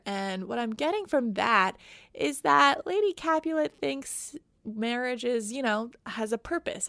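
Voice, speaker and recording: A woman's voice: a little high, gravelly, fairly bright tone, no room sound, studio quality. A woman podcast host recapping a book in a chatty, wry, slangy way.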